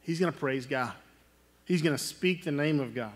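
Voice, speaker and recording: A man's voice: fairly high pitch, moderate pace. A man preaching a sermon in an earnest, conversational way, often restarting phrases and checking in with the congregation. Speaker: pastor.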